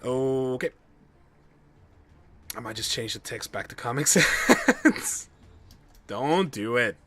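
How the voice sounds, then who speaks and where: A man streaming a game live, commenting excitedly and swearing at bad luck. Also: medium pitch, slow. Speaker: gamer streaming a playthrough.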